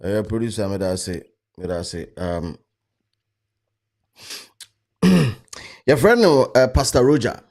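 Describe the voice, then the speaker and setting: A man's voice: on the low side, expressive, takes it slowly, pauses often, a little mellow. A man with a Ghanaian accent hosting a commentary show, talking in a subdued, hesitant way with many fillers. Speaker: host. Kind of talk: casual commentary.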